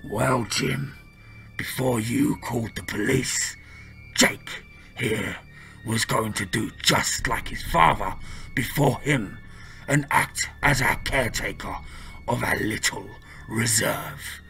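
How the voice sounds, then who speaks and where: A man voicing a sinister, mocking captor who speaks slowly and dryly in a half-whisper, with faint music behind. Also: mid-range voice, vocal fry, pushed and bright, full character voice. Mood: menacing. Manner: slow, dry, half-whispered menace.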